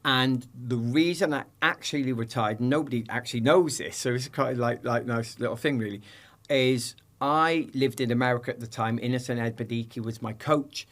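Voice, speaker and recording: A middle-aged British man, a podcast guest, telling lively anecdotes in casual chat and acting out the people in them. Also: mid-range voice, moderate pace.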